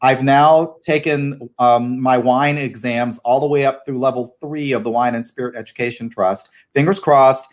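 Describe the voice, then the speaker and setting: A middle-aged man hosting a casual video call interview, chatty and relaxed with plenty of fillers. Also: medium pitch, normal speed, few pauses. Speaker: host.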